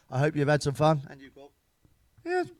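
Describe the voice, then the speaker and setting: British man, middle-aged, stand-up comedian, deadpan, crude and sweary, fairly high voice. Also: normal speed, no echo. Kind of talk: deadpan joke-telling monologue.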